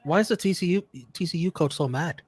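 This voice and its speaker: A man's voice: high voice, fast, slightly rough. A man co-hosting a watch-along, blunt and swearing as he critiques each play. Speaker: co-host. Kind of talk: casual watch-along chat.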